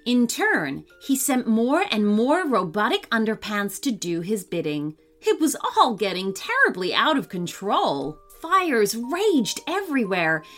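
Lively woman reading a children's story. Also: on the high side. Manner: expressive, animated storytelling.

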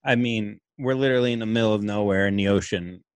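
A man's voice: fairly low pitch, quick pace, clear, resonant tone, dry recording. A man hosting a podcast in casual chat, joking crudely and slipping into silly mock voices. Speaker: podcast host. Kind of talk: casual chat over a video call. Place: remote location on weak Wi-Fi.

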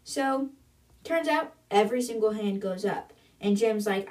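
A woman's voice: medium pitch, measured pace, a little mellow. A woman hosting a book podcast, retelling the chapters casually in her own words and chatty manner. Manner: chatty, "she's like" storytelling.

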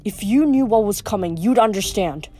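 A woman reading the part of a smooth, scheming teenage boy villain in an audiobook, with a mocking manner. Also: medium pitch, animated, moderate pace, warm tone, faint music behind, natural voice. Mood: scornful.

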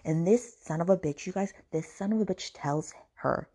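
Woman host, mellow lowish voice, sarcastic exasperated rant, casual swearing. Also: moderate pace, breathy edge. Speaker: podcast host reviewing books. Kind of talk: ranting book review.

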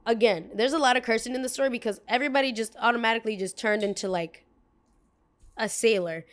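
A woman's voice: a little high, fast. A young woman hosting a podcast, telling a story in a casual, chatty way, full of "like" and acted-out voices of the people involved. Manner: chatty, peppered with "like", acts out quoted voices. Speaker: podcast host.

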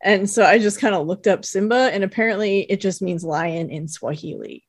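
A woman's voice: medium pitch, lively intonation, moderate pace, no room sound, clean studio sound. A woman co-hosting a podcast, casually recapping a cartoon episode and quoting characters in put-on voices. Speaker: podcast co-host.

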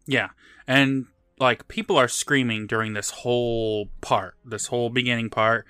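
A man's voice: mid-range voice, steady tone, a little slow, bright, forceful tone, clean tone, dry recording. A man co-hosting a podcast, recapping a TV episode in casual, joking chat with some swearing. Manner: swearing, laughing, retelling scenes. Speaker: podcast co-host.

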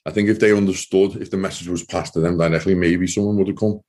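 A man speaks in a very deep, husky voice with a dark tone. He gives emotional personal testimony, halting and repeating words as he struggles through it. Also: fairly even intonation. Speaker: interview guest, former soldier.

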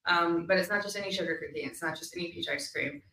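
A woman hosting a casual chat, talking freely with many ums and quick laughs. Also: lowish voice, sharp tone. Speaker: host. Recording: roomy, mic at a distance.

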